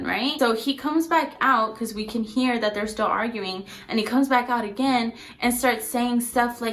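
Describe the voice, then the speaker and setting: Chatty woman telling a story, rather high voice. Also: normal speed, fairly bright tone. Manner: chatty, rambling, filler-heavy. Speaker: vlogger. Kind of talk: casual storytelling.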